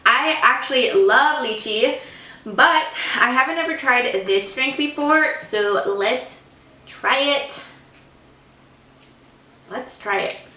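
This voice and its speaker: A young woman chatting casually through a snack-tasting vlog at home, excitable and gushing. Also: high-pitched, takes it slowly, pauses often. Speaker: vlogger. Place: room at home. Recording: roomy sound, a bit far from mic.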